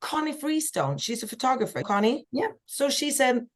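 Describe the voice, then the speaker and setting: A woman from Sweden, a singer-songwriter guest telling lively stories in a casual podcast chat. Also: normal speed. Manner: lively storyteller, acts out quoted voices with big pitch jumps.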